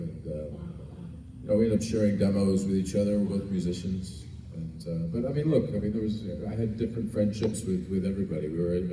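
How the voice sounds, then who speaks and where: Low-voiced joking man in echoey hall. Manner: relaxed, joking, self-deprecating. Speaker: actor answering fans at a convention panel. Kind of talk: convention Q&A. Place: large convention hall. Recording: echoey hall, distant mic, noisy crowd.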